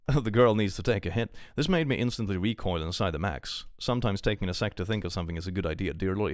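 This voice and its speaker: A young man with a low voice that climbs and dips freely reads online posts aloud on his live stream. He stops to rant about them and swears freely. The sound is dry and close to the mic. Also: animated, fairly quick, no room sound. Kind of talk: casual live-stream commentary.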